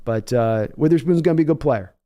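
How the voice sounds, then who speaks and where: A man's voice: mid-range voice, fast talker, mellow. A young man hosting a live reaction stream, reading out viewer donations in a rambling, self-deprecating way with frequent laughs. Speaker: livestream host.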